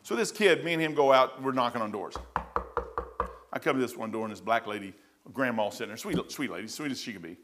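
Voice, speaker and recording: A man's voice: mid-range voice, expressive, fast, music in the background. A middle-aged man preaching, telling a story in a rambling way with many restarts. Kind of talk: sermon storytelling.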